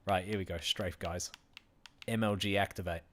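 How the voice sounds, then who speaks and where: A man's voice: sits low, fairly even intonation, normal speed, a little hiss or hum. An Australian man from Western Australia, chatting casually with his viewers while streaming a game, laughing often and thanking people by name. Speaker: gaming streamer. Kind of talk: casual live-stream commentary.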